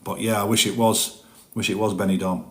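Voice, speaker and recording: A man's voice: fairly low pitch, little pitch movement, a little fast, reverberant. A man chatting casually on a live stream from his home, rambling and self-deprecating.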